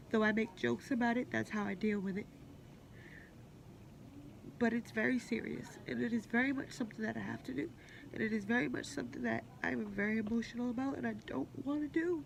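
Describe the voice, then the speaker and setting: Young woman, gravelly voice, hospital room. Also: on the high side, a little fast. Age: 20s. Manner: candid, blunt, swears freely. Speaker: vlogger. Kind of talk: personal hospital vlog. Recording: faint hospital background noise.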